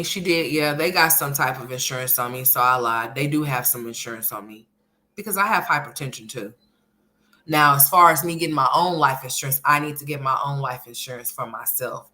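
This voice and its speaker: Bright-voiced woman chatting on a livestream. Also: rumbling low. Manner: chatty and emphatic, calls viewers honey and sweetheart; swings between loud animated bursts and soft murmurs. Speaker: livestream commentary host. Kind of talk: casual livestream commentary, reading viewer chat.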